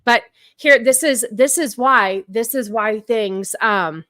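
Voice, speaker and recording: Speaking slowly in a slightly high, somewhat bright voice, a woman runs a casual livestream recorded dry with clean studio sound. She answers her chat directly, often repeating herself amid many fillers.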